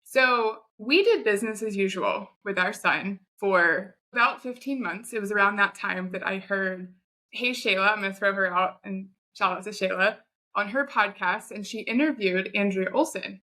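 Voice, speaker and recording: A woman in her thirties, a podcast guest, telling her own story in a chatty, animated way. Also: mid-range voice, moderate pace. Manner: chatty, animated retelling with quoted asides. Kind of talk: conversational storytelling.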